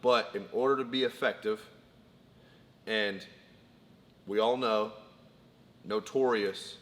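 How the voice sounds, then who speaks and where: A man's voice: lowish voice, fairly even intonation, slow pace. A man co-hosting a casual fight breakdown, laying out his points methodically and in order. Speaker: co-host, fight analyst. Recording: long reverb, faint background noise.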